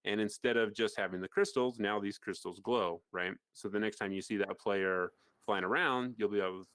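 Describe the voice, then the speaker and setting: A man co-hosting a casual gaming podcast, animated and sarcastic, rambling with restarts. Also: fairly low pitch, moderate pace, dry recording. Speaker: podcast co-host. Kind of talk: casual chat.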